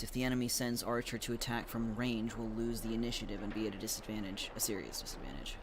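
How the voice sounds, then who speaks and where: A man's voice: lowish voice, fast talker, background noise. A man streaming a game, joking casually and reading the characters' lines aloud.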